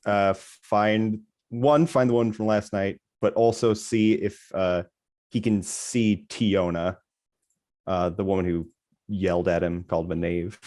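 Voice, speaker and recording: Low-voiced man playing a tabletop game. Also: fairly even intonation, measured pace, darkish tone, dry recording, clean studio sound. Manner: hesitant, filler-heavy. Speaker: player. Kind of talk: casual tabletop play.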